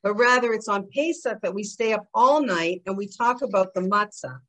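A woman giving a religious class, telling the story with lively rises and drops in her voice. She acts out the quoted speakers with her own voice and keeps a teaching tone throughout. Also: mid-range voice, normal speed. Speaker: Torah teacher.

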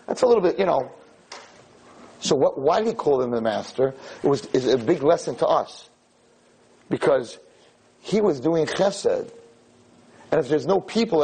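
A rabbi delivers a lively Torah lecture, his husky voice sitting a little high for a man. He swings his pitch widely as he tells stories, acting out voices and building to near-shouts. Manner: animated, acts out dialogue, rises to near-shouting emphasis.

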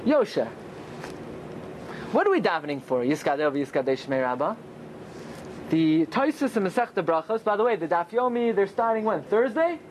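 A man teaching a Torah class as a rabbi, often asking rhetorical questions and answering them himself, with pitch that swings high and low for emphasis. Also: sing-song, normal speed, pauses often, slight background noise. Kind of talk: Torah class with Talmud study.

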